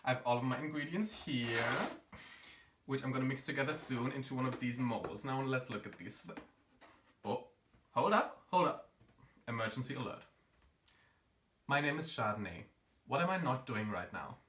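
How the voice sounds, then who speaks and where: A man's voice: medium pitch, expressive, moderate pace, a bit bright. A man as a drag queen hosting a campy home cooking vlog, sassy and full of quips. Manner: sassy, campy quips, calls viewers honey. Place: home kitchen. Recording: echoey room, faint noise.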